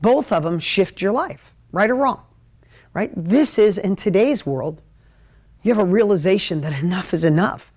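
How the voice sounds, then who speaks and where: A man teaching at a whiteboard on a live stream, emotional and animated, jumping between ideas and talking straight to his viewers. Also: high-pitched, moderate pace. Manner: talks straight to viewers, asks for comments. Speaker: business coach hosting a live stream.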